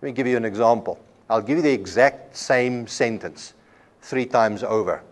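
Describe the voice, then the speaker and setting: In a classroom lecture at a Bible college, a South African man speaks unhurriedly at a mid pitch. He illustrates ideas with homely examples and often repeats a word when restarting a phrase.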